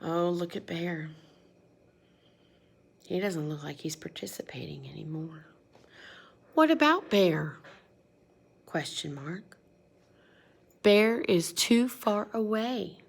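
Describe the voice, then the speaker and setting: A woman's voice: on the low side, slow, vocal fry, long pauses, slightly rough. A woman teacher reading a picture book aloud to young children, asking them questions as she goes. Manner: animated, questioning, kid-directed. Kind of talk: read-aloud storytime lesson.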